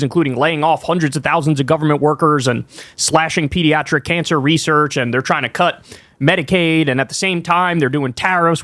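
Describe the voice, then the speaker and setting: A man's voice: fairly high pitch, no room sound, studio quality. A man hosting an online political commentary show, ranting heatedly in casual slang with plenty of profanity.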